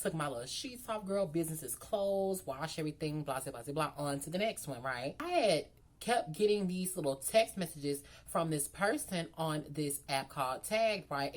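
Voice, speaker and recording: A woman's voice: low-pitched, animated, brisk, low-quality recording. A young woman tells a casual storytime in a sassy, brash way, calling her listeners girl and honey. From Memphis, Tennessee. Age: 20s. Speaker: vlogger.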